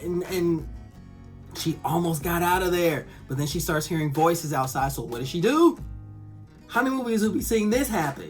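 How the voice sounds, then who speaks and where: Fired-up woman reviewer, slightly low voice, light music bed. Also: normal speed. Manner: animated, swears, acts out characters' lines. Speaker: TV episode reviewer. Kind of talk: casual spoken review.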